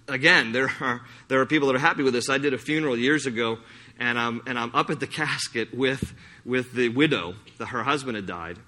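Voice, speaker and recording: A man preaching a sermon, telling anecdotes in an animated way with laughter and frequent restarts. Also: mid-range voice. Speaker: pastor.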